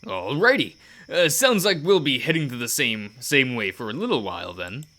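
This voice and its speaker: A man's voice: medium pitch, big pitch swings, normal speed, sharp tone, voice pushed up. A man doing Jesse, a folksy, easygoing biker. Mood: cheerful. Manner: homespun folksy speech. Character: folksy easygoing male biker, friendly and talkative.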